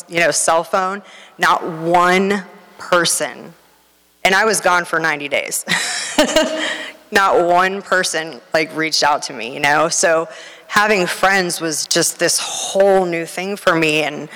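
A woman's voice: sits low, bright, forceful tone, smooth. A woman giving a candid, rambling personal testimony at a recovery meeting, full of fillers. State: nervous, near tears. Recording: reverberant hall.

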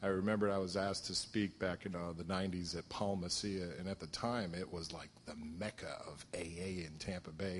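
Low-voiced man sharing his story, joking. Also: fairly even intonation, brisk, few pauses, slight background noise. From southern Connecticut. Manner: humorous, self-deprecating storytelling with many fillers. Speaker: recovery meeting speaker. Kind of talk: personal testimony at a support meeting.

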